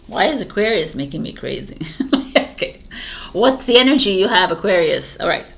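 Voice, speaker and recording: Giggly woman with a gravelly voice. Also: mid-range voice, big pitch swings, moderate pace, fairly bright tone, a little hiss or hum. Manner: giggly, scattered, laughing at herself. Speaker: tarot reader. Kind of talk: casual spoken tarot talk.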